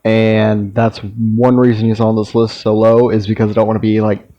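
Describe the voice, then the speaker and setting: Mellow-voiced young man, casual and rambling. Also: on the low side, brisk, hardly any pauses, dry recording, highs cut off. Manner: relaxed, meandering, with frequent ums and restarts. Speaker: toy collector vlogger. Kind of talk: casual ranking review.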